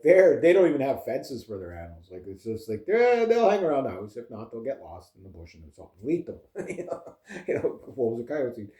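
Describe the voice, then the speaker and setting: Chatty man with a mellow, roomy voice. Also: medium pitch. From Canada. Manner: chatty, laughs often, many fillers like "you know". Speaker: vlogger. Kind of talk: casual rambling storytelling.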